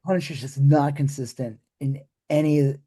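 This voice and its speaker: A man's voice: medium pitch, fairly even intonation, normal speed, mellow. A man co-hosting a podcast, chatting loosely about a movie, swearing casually and trailing off mid-sentence. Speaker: podcast co-host.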